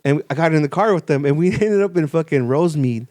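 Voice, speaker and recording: A man's voice: animated, quick pace, a little mellow, dry recording, clean studio sound. Swearing young man telling a story. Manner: swears a lot, acts out quoted people with jumps in pitch. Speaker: podcast co-host. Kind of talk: casual storytelling chat.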